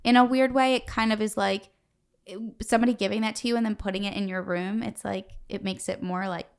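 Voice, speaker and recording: Woman, podcast host, casual empathetic chat, many fillers, middle pitch. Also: fairly even intonation, fairly quick, smooth.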